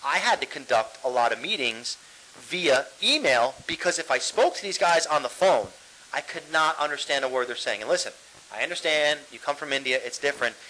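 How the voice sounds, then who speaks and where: A man's voice: a little high, lively intonation, brisk, sharp tone, poor audio. A man, co-hosting a casual podcast, ranting with plenty of swearing and frequent laughter. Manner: ranting, profane, laughs often. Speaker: podcast co-host.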